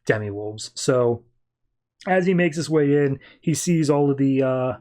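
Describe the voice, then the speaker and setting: A podcast host retelling a comic plot in a loose, rambling way, full of "like" and "uh." His voice sits at an ordinary mid pitch for a man. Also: unhurried, a little mellow. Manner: rambling, informal, many fillers. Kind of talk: casual comic book recap.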